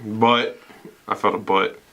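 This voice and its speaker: A man's voice: fairly low pitch, flat delivery, slow pace, vocal fry, bright, forceful tone. Profane, rambling young man telling stories. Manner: rambling, profane storytelling with frequent laughs. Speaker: podcast co-host. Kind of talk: casual podcast banter.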